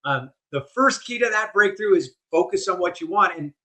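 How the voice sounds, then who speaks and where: An older man with a fairly high voice tells his stories with real animation. He leans into every vivid detail, the way a guest does in a lively podcast interview. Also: normal speed. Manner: animated storyteller, vivid delivery. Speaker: guest speaker.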